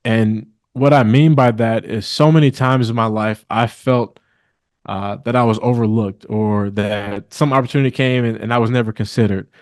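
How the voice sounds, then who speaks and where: A young man from Milwaukee, a guest attorney, answering interview questions in an earnest, measured way with frequent restarts. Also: on the low side, fairly even intonation, a little mellow, no room sound, clean studio sound. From Milwaukee, Wisconsin. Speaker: guest, real estate attorney. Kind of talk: interview conversation.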